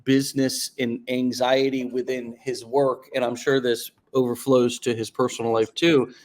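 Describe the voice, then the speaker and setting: A man's voice: mid-range voice, flat delivery, darkish tone. A man hosting an interview podcast, talking in a casual coaching way and stretching out words for emphasis. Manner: coaching, drawn-out emphatic phrases. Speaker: podcast host.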